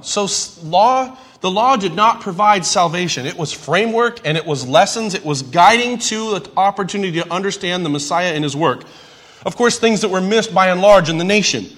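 High-voiced man teaching a Bible class. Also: fairly bright tone. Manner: conversational, asks the audience questions, light humor.

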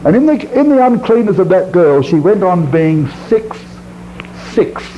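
A man preaching a sermon, stressing words hard and dropping to low quiet phrases, reading scripture in slow drawn-out tones. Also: very animated. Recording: dull lo-fi recording with faint hiss.

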